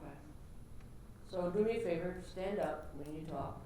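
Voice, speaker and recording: A woman instructor coaching students through their pitches, direct and encouraging in her feedback. Her voice sits on the low side for a woman. The classroom is echoey, with a light hum of noise behind her. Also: moderate pace, warm tone.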